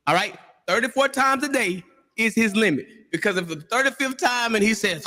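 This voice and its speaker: A man on a discussion panel, talking in an animated way and acting out voices in his stories. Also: high-pitched, normal speed, in a large hall. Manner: animated storyteller, acts out quotes.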